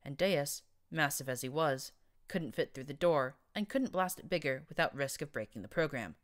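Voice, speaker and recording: A woman narrates first-person fan fiction as an audiobook. Her voice sits low, and her reading is expressive and dramatic. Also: moderate pace.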